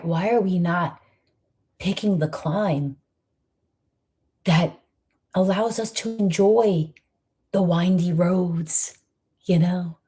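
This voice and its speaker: A woman in her 50s, hosting a monthly inspirational message, offers reflective motivational words. Her low, mellow voice has a husky grain, and she keeps it soft and intimate, frequently dropping almost to a whisper.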